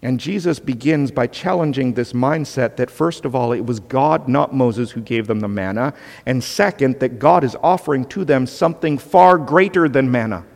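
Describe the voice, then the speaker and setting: A man's voice: mid-range voice, moderate pace, gravelly, long reverb tail. A man preaching a sermon as pastor, emphatic and conversational, with asides to the congregation.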